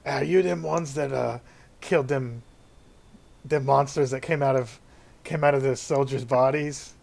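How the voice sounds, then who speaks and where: A man as young dwarf guard, eager, folksy, plainspoken, middle pitch. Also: fairly even intonation, a little slow, vocal fry, darkish tone. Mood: curious.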